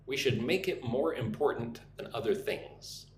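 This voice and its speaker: An American man with a mid-range voice hosts a livestreamed English lesson from a home room with a loud air conditioner. He reads viewer comments and explains vocabulary and pronunciation, drilling words slowly syllable by syllable. The audio is reverberant with a little hiss or hum.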